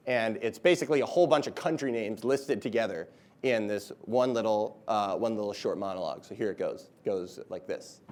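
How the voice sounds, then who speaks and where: A man's voice: on the low side, a little fast, darkish tone. Upbeat man giving a talk. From United States. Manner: chatty, upbeat, frequent "like" and "you know". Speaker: comedian giving a talk to students. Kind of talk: casual lively presentation.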